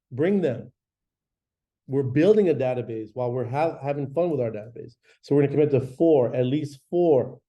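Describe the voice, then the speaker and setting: A man coaching a room of agents in a loose, slangy, energetic way, jumping into quick acted-out snippets of calls. His voice is very dark and mellow, sitting at an ordinary middle pitch. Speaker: real estate agent giving a training talk. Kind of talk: coaching talk to an audience.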